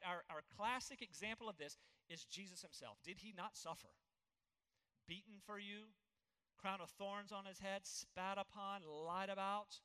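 A man's voice: sits high, bright, forceful tone, long reverb tail. A man preaching a sermon as pastor, earnest and emphatic, reading scripture aloud to his congregation.

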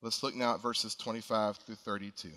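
A pastor delivers a sermon with an earnest, pleading intensity, his bright, forceful voice carrying through a church sanctuary. A long reverb trails each phrase, as from a large hall. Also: lowish voice, flat delivery, brisk. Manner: earnest preaching, rising to emphatic appeals.

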